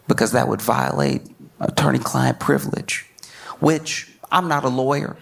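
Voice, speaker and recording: A man performing a stand-up comedy set, animated and laughing through his lines as he slips into quoted voices. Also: medium pitch, normal speed, vocal fry.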